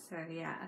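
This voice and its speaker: A woman's voice: mid-range voice, creaky, mellow, slight background noise. A woman hosting a casual live stream from home, playful and teasing and laughing often. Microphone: webcam mic with fisheye lens.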